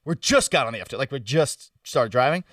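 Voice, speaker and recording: A young man casually telling a story on a podcast, loose and animated, with lots of "like" and "bro". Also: medium pitch, quick pace, no room sound, distant mic. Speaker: podcast co-host. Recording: dry sound, set back from the mic.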